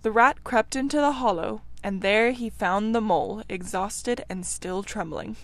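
A woman reading a classic storybook aloud in a measured, expressive way, sometimes dropping to a hush. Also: mid-range voice, no room sound. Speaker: reader. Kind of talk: storybook read-aloud narration.

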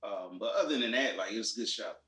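A man in casual chat about movies and shows, explaining his views in a relaxed way with many fillers. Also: on the low side, fast. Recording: echoey room.

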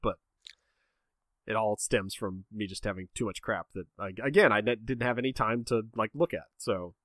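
Bright-voiced man telling a self-mocking story. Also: fairly low pitch, normal speed, dry recording. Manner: self-mocking, rambling, lots of restarts. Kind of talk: casual chat, telling a story.

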